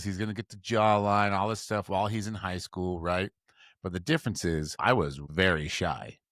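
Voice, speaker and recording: A Utah man in his forties co-hosts a podcast, spinning a story in a laid-back, self-deprecating style and shifting into higher voices whenever he quotes someone. His tone is fairly bright, and the studio sound is clean with no echo.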